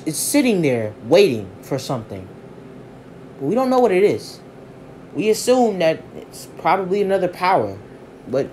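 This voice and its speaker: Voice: medium pitch, a little mellow, slight background noise. Rambly storyteller making up a fan story on the fly. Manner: loose, rambling, halting. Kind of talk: improvised fan story retelling.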